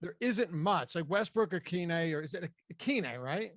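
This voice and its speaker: Higher-voiced man hosting sports talk. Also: normal speed, a bit bright, no room sound. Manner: conversational, loose with frequent restarts. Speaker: fantasy football show host. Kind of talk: casual sports analysis chat.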